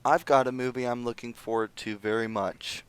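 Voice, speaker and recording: A man's voice: medium pitch, steady tone, moderate pace, smooth. Young male podcast co-host, mid-range voice, wry dry wit. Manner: dry, wry one-liners. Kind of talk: casual chat.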